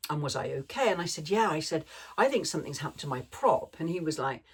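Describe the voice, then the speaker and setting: A woman's voice: deep voice, animated, fast talker, breathy edge. A woman vlogger telling a rambling story in a chatty way, laughing now and then. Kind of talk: casual storytelling chat.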